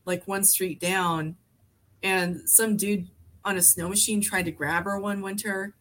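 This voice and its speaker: A woman's voice: mid-range voice, fairly even intonation, measured pace, fairly bright tone. Woman in her 40s from alaska, guest on a podcast, rambles along with lots of likes and ums. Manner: rambling, many fillers and restarts. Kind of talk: casual conversation.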